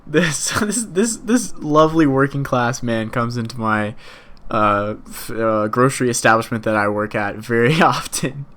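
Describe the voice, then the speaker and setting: A man's voice: medium pitch, lively intonation, measured pace, fairly bright tone. A young man co-hosting a podcast, telling a story in casual chat, laughing often and swearing freely. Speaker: podcast co-host.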